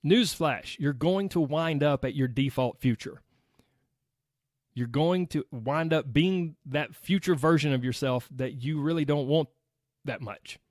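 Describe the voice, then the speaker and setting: A man's voice: on the high side, unhurried, dry recording, studio quality. A man with a Southern American accent hosting a solo podcast in an upbeat, chatty way, talking straight to his listeners. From United States. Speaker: podcast host.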